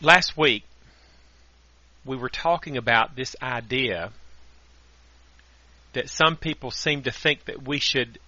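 A man hosting a Sunday night radio program, giving an earnest, steady sermon with scripture readings. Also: mid-range voice, slow, long pauses, no room sound. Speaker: radio preacher and host. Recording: dry, dull lo-fi radio audio.

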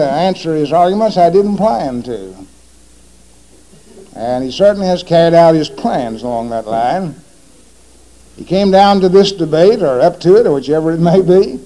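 Guy in a church debate, high mellow voice, keeps hammering the same question at the other side. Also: rough recording. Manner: emphatic, hammering repeated rhetorical questions at his opponent. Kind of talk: formal religious debate speech.

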